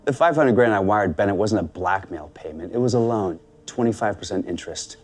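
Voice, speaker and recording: A former contractor who now lends money on the side. His voice is low and mellow. He answers in a defensive, matter-of-fact way. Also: expressive, fairly quick. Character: defensive male ex-contractor turned loan shark.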